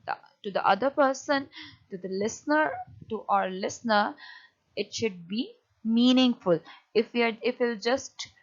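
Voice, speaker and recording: Woman teacher explaining slowly, lots of uh and restarts, kinda dull lo-fi sound. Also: fairly high pitch. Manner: hesitant, many fillers and restarts while explaining. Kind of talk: classroom lecture on punctuation.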